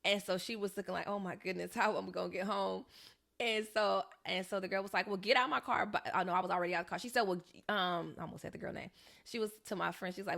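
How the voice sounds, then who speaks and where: Young woman, podcast co-host, vocal fry, lively storytelling, mimics voices. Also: mid-range voice, fast. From Southern California. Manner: animated, acts out quoted voices. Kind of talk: casual storytelling chat.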